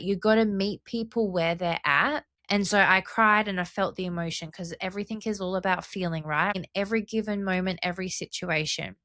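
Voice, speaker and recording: In studio-quality sound with no echo, a young adult woman speaks in a mid-range voice on her solo podcast. Her reflective monologue is earnest and passionate, peppered with check-ins like "right?" and "okay?".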